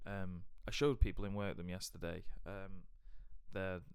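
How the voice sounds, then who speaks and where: A young podcast co-host tells rambling, chatty travel stories, frequently restarting his sentences in casual storytelling. His low voice is level, unhurried, and a little mellow, recorded cleanly in a studio with no echo.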